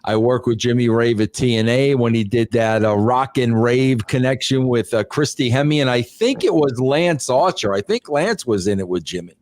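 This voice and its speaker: A man hosting a casual podcast chat, reading viewer messages in a laid-back, drawn-out way. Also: medium pitch, a little mellow, dry recording. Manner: laid-back, drawn-out, says bro a lot. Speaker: podcast host.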